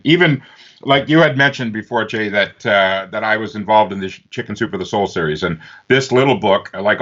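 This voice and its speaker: Animated storytelling man, slightly muffled sound. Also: lowish voice. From Northern Ontario, Canada. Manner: animated, does lively voices for others. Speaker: interview guest, author and speaker.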